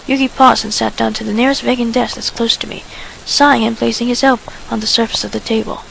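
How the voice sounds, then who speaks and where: A woman reading first-person fan fiction narration in a quiet, soft voice. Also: on the high side, fairly even intonation, quick pace, vocal fry, slight background noise, rough recording.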